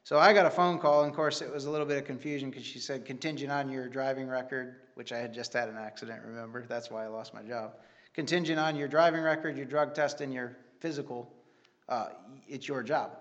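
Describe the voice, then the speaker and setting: A man's voice: medium pitch, fairly quick, a bit bright, muffled recording. A man giving an earnest, rambling church testimony with many restarts. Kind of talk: sermon testimony.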